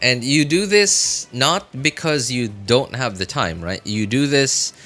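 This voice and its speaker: A man's voice: mid-range voice, expressive, a little slow, pushed and bright. A man on a casual gameplay livestream, sleepy and yawning, rambling as he talks back to his viewers' chat. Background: faint game music.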